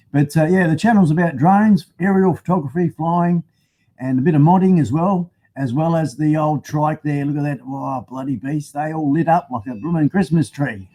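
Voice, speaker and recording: A man's voice: a little high, warm tone. A middle-aged Australian man hosting a live stream from a home garage full of motorbikes, talking into a phone used as a webcam, rambling and chatty, laughing often and swearing mildly. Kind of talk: casual live-stream chat.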